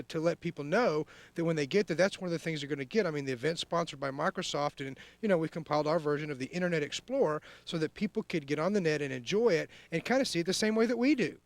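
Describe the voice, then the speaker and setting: A slightly high-voiced man co-hosts a live tech talk show. He promotes a giveaway in a hesitant, halting way, and his voice sounds dry and close. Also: no room sound. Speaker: co-host.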